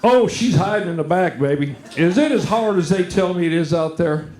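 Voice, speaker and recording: A man's voice: sits high, animated, normal speed, a little mellow. Man doing stand-up, echoey club. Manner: drawling crowd work, teasing audience. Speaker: stand-up comedian. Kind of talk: stand-up comedy routine. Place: comedy club stage. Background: audience laughter.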